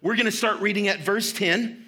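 High, bright-voiced pastor preaching a sermon. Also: male voice, moderate pace, slightly rough. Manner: storytelling, animated retelling with quoted voices. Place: church sanctuary.

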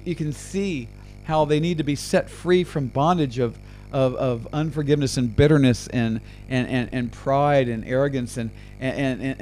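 A man delivers a fervent sermon that moves into spoken prayer. His voice sits a little higher than most men's. He keeps stumbling over words and doubling them as he presses on. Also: darkish tone, a little hiss or hum. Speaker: preacher. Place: radio program.

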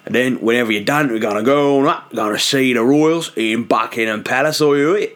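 A man's voice: medium pitch, moderate pace, fairly bright tone, voice pushed up, lightly acted. A man putting on a cheery male tour guide with a mock Australian accent, brash and sweary.

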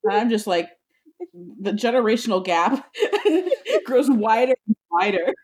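A woman's voice: on the high side, very animated, unhurried, darkish tone. A woman co-hosting a podcast in casual chat, joking expressively and laughing often. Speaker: podcast co-host.

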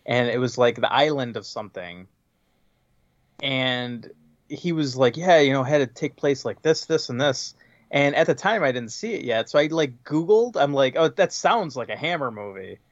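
A man's voice: mid-range voice, lively intonation, moderate pace, dry recording, highs cut off. A man co-hosting a podcast in casual chat, rambling with many fillers and little preparation. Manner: rambling, unprepared, lots of fillers. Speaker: podcast co-host.

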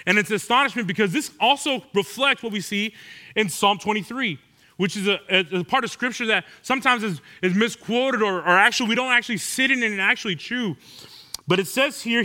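Asking the congregation rhetorical questions in a conversational sermon, this preacher has a high-pitched, bright voice. He speaks briskly and forcefully.

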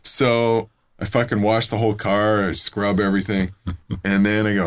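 A man with a low voice rants in a loose, joking way on a podcast. He swears constantly and laughs at his own story. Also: little pitch movement, moderate pace. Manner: profane, joking rant with laughs. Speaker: podcast co-host. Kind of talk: casual comedic chat.

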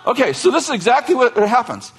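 Fast-talking and slightly rough, this man's voice is very high. He's a pastor giving a sermon, animatedly recounting a story with jokes, laughing between lines and breaking off into asides and fresh starts.

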